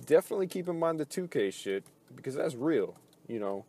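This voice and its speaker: A man's voice: a little high, very animated, fairly quick, warm tone. Profane, frustrated man ranting casually. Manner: frustrated, profane, rambling with many fillers. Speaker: gaming video host.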